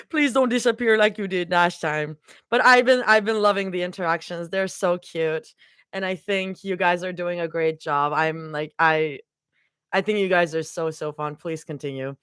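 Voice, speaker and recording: A woman's voice: lowish voice, moderate pace, fairly bright tone, smooth, no room sound, studio quality. A young woman chatting casually with her livestream audience, giggling often and rambling between thoughts. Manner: giggly and rambling, talks to chat. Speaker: livestream fanfiction reader.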